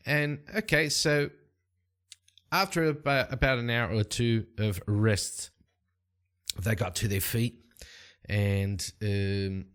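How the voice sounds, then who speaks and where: A man narrating and playing a solo tabletop game at a desk mic, rambling and relaxed with plenty of fillers. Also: fairly low pitch, slow pace, long pauses, clean tone. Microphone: desk microphone.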